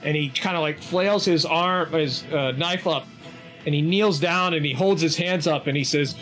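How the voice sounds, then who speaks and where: A man narrating a tabletop role-playing game as game master, describing the action slowly and with many fillers. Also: fairly high pitch, fairly bright tone, faint music behind.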